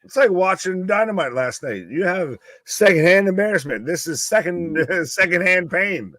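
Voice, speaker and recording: Lively, jokey male stream co-host. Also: sits high, normal speed, no echo. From Canada. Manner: jokey, lively, drifts into playful asides. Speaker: co-host of a wrestling watch-along stream. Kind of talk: casual live commentary.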